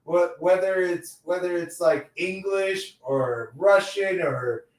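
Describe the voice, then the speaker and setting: A man hosts a casual podcast chat in a slightly high voice, rambling loosely from one thought to the next. He sits back from the mic in an echoey room, so his voice sounds distant and roomy. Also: slow. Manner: loose and rambling, says "dude" often. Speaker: podcast host.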